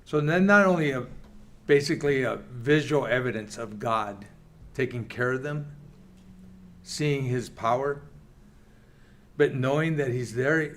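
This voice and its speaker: Male Bible class teacher, mid-pitched, earnest, reads scripture and chats with the room. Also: a bit bright. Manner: earnest, reads scripture aloud, quick asides. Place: church meeting room.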